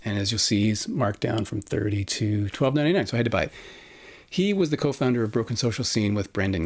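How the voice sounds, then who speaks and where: A man casually reviewing vinyl records he bought, frank and opinionated, with plenty of fillers and restarts. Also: on the low side. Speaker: record collector vlogger.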